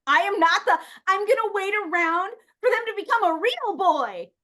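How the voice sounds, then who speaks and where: A woman chatting casually as a podcast guest, animated and outspoken, laughing often and acting out the people she quotes. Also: extremely high pitch, normal speed. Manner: animated, outspoken, playful swearing and put-on quoted voices.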